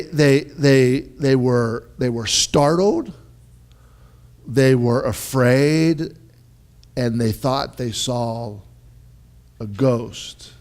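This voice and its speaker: A man preaching a sermon in a lively, conversational way, often checking in with his listeners and restarting his phrases. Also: mid-range voice. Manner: animated, conversational, with repeated "right?" and restarts. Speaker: pastor.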